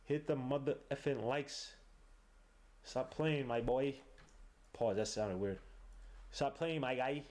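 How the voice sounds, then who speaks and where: A man hosting a podcast, giving live play-by-play commentary on a game he is watching, excitable and slangy, bursting into shouts at big plays. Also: mid-range voice, slow pace, long pauses. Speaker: podcast host.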